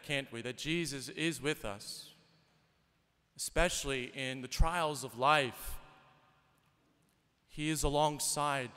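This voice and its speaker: Priest guy giving a homily, chatty storytelling, bright clear voice, long echo like a big church. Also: medium pitch. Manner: conversational, storytelling with rhetorical questions. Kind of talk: sermon.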